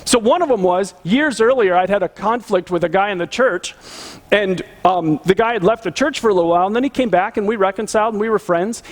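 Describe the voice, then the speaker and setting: High-voiced middle-aged man preaching. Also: fairly quick. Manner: storytelling, animated and earnest. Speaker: pastor. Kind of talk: sermon.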